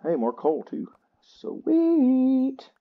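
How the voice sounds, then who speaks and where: Guy hosting a gaming channel, unhurried tired chatter, slightly dull mic. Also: lowish voice, expressive. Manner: slow, chatty and self-mocking. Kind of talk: casual gameplay commentary.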